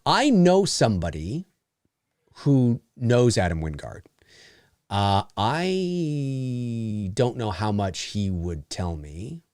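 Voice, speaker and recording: A man in his forties chats casually on a live show, his pitch rising and falling a lot. He reads out viewer messages and wanders through half-finished thoughts. The sound is dry and close, with no room echo. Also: sing-song, slow pace, a little mellow. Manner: rambling, searching for names mid-sentence. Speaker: podcast co-host reading live chat. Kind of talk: casual live commentary chat.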